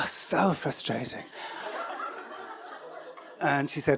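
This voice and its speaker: A man's voice: mid-range voice, unhurried. Wry English storyteller man. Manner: wry, self-deprecating, stop-start phrasing. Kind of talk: live personal storytelling.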